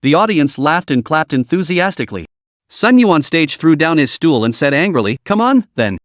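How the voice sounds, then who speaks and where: Man, story narrator, animated pitch, dry close sound. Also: moderate pace, no echo. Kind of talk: scripted story recap narration.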